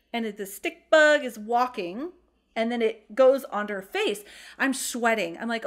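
A woman's voice: fairly high pitch, moderate pace. A woman in her thirties, a mother, co-hosting a casual podcast in a chatty, self-deprecating way with frequent "um"s. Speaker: podcast co-host. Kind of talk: casual chat.

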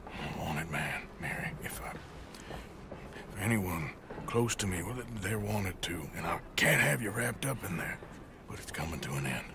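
A man playing a weary, guarded outlaw with a low, gruff voice that often drops to a near whisper. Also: expressive, measured pace, full character voice. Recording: game audio with noisy ambience.

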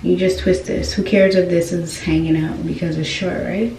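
A woman's voice: on the low side, fairly even intonation, normal speed, warm tone. A young woman vlogger giving a casual hair tutorial, chatting away and constantly checking in with her viewers. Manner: chatty, keeps asking viewers "y'all" questions. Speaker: beauty vlogger. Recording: roomy, distant with faint noise.

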